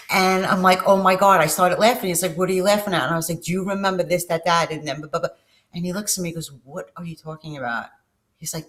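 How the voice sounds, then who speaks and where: A woman's voice: low voice, fairly bright tone. A middle-aged woman telling personal stories to her viewers in a casual vlog, candid and emotional, swearing freely and often trailing off and restarting her sentences. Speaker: vlogger. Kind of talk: casual personal storytelling to camera.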